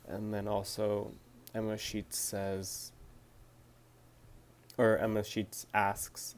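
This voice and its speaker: A man's voice: fairly low pitch, completely flat delivery, drawn-out words, pauses often, slight background noise. A young man answering viewer questions to his phone camera, talking hesitantly with lots of fillers and restarts. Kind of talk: casual talk to camera.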